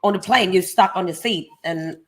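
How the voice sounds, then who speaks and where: A woman's voice: lowish voice, normal speed. Tired, teasing Thai woman. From Thailand. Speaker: guest answering viewer questions. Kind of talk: casual live Q&A chat.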